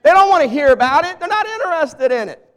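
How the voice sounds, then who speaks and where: Southern US pastor, fairly high voice, jokey and folksy with the crowd, long hall reverb. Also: male voice, expressive, quick pace, a bit bright. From Southern US (Arkansas). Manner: folksy, jokey, talks straight to the congregation. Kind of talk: humorous sermon. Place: church sanctuary with a live congregation.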